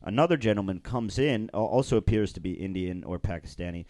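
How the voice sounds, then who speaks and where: A man hosting a podcast, telling stories in a relaxed, rambling way with frequent fillers and restarts. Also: on the low side, a little fast, no echo, studio quality. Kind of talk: casual chat, storytelling.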